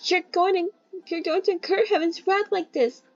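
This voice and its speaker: A woman voicing a frightened, earnest young village girl who pleads in a shrill voice. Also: fairly even intonation, normal speed, no room sound, dull audio. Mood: pleading.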